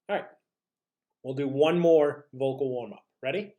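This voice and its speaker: A teacher giving an upbeat online lesson, leading face and voice warm-ups with encouraging check-ins. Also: mid-range voice, normal speed, long pauses. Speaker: drama and language teacher.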